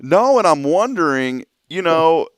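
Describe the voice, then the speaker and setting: A man in his thirties chatting casually as a show host, telling a family story with lively laughs. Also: on the high side, a little slow, no echo, studio quality. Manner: storytelling, animated, laughs often. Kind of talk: casual chat.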